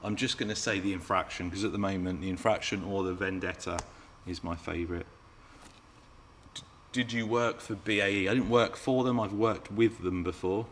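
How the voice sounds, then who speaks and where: A man's voice: deep voice, steady tone, moderate pace, a little hiss or hum. A man hosting a live Q&A stream, chatting with viewers and reading out their comments. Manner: chatty and playful, teasing viewers. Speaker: RC car channel host.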